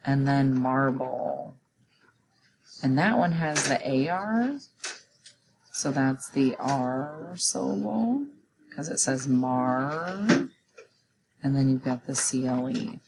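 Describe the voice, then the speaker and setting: Woman, teacher, low voice, unhurried, patient step-by-step explaining, recorded phonics lesson, noisy recording with clicks. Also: expressive.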